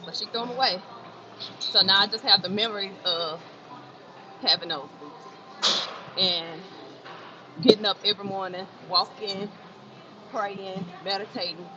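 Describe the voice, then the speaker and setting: A woman's voice: medium pitch, measured pace, pauses often. A woman chatting casually on a livestream from an indoor gym, talking to viewers and repeating phrases for emphasis. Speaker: fitness livestreamer. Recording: muffled, noisy gym sound. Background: gym ambience.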